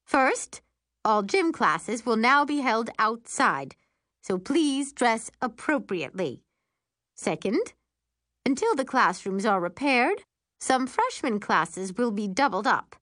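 A woman voicing a stern female school principal making formal announcements, measured and deliberate. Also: on the high side, big pitch swings, fairly bright tone, no room sound, clean studio sound, voice pushed up, exaggerated voice. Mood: announcing.

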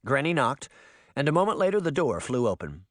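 Expressive male audiobook narrator. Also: mid-range voice, fairly quick, no room sound, clean studio sound. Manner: expressive, dramatic storytelling.

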